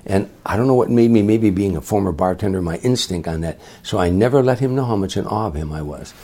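An older man, a comedian and guest, telling a long anecdote in a lively way, acting out the voices of the people in it. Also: deep voice, fast talker. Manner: lively storyteller who acts out other people's voices. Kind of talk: anecdotal storytelling.

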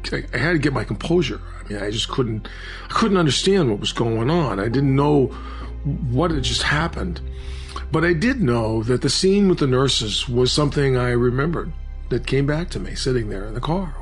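A man recounting a personal story in an earnest, halting way, with frequent restarts. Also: mid-range voice.

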